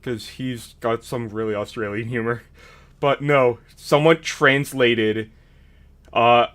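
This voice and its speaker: Slow-talking male streamer. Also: medium pitch, a bit bright. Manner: chatty, laughs easily. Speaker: streamer host. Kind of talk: casual stream chat.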